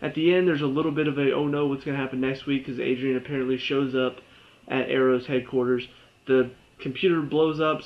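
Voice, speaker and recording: A man's voice: medium pitch, dull audio. A young man reviewing a TV episode in an exasperated, sarcastic rant, mocking the characters in quoted voices. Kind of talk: ranting video review.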